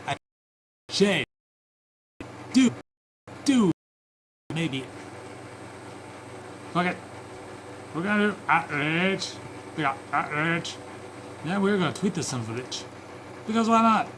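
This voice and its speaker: A man's voice: on the high side, expressive, slow pace, pauses often, background noise. A man streaming alone, swearing and ranting in angry bursts and muttering to himself between them. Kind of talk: profane ranting stream chat.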